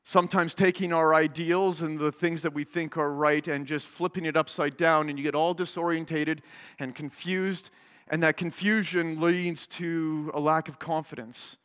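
A man preaching a sermon, telling a story in an animated way and acting out its people, heard in a reverberant church hall. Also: on the high side, normal speed, smooth. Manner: animated, acts out the people in his stories. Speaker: pastor.

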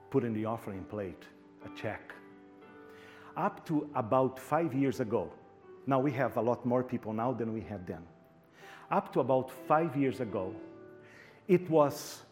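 A male pastor tells a story in his sermon. He speaks at an average pitch and animates the dialogue, often repeating his words. Faint music plays behind him. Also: a little mellow.

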